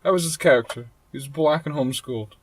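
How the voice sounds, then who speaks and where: A young man co-hosting a late-night casual podcast chat in a van, giggly and jokey with loud laughs. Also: medium pitch, quick pace, no echo. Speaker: podcast co-host. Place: inside a van.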